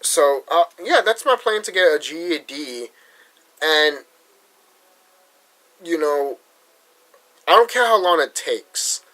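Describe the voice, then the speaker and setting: A young man from Massachusetts rants into the camera with a tense, forceful voice pitched a little high. He talks bluntly and swears, stopping and restarting his sentences as he vents. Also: sing-song, low-quality recording. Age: young adult. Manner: blunt, profane, halting with restarts. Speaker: vlogger. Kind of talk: frustrated vlog rant.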